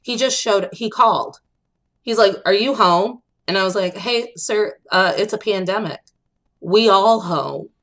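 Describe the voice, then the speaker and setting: A young adult woman co-hosting a podcast, telling an animated story in a casual chat, acting out quotes and laughing often. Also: mid-range voice, normal speed. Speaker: podcast co-host.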